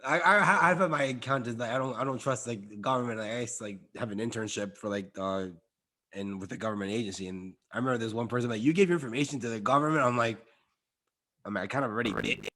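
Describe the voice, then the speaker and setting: A man's voice: mid-range voice, fast, pushed and bright. A young man hosting a casual chat, laid-back and slangy, laughing often.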